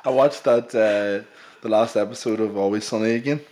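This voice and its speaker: A Northern Irish man chats on a podcast with a somewhat low voice. He rambles in a laid-back way and pokes fun at himself. His delivery stays loose and conversational. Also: brisk, a little mellow. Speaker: podcast co-host. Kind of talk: casual chat.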